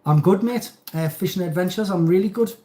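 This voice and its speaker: A chatty middle-aged man with a Geordie accent hosts a live stream from home, reading out comments and wandering off into jokes. His voice sits a little higher than most men's. The room gives it a noticeable echo. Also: fairly quick, mellow. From North East England. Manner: chatty, rambling, jokey. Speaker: channel host. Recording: roomy echo.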